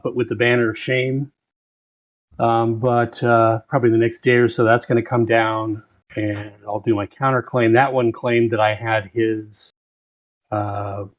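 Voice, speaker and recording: Man explaining at length, muffled audio. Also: medium pitch. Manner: steady explaining, frequent ums and uhs. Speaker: guest mod developer. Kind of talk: casual podcast chat.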